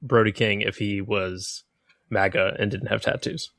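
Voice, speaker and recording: A man co-hosting a wrestling podcast, talking into a close mic with a very dry sound. He is opinionated and mocking, and breaks into quick impressions of the wrestlers he's tearing apart. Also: fairly low pitch, fairly even intonation, gravelly, fairly bright tone, dry recording. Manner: opinionated, mocking, mimics wrestlers mid-rant. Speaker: podcast co-host. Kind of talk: casual wrestling chat.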